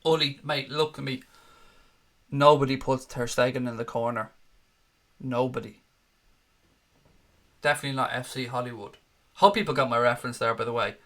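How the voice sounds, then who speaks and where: A man's voice: mid-range voice, fairly even intonation, fairly quick, fairly bright tone. A man hosting a casual fan chat show, reading viewer comments with sarcastic, sweary jokes.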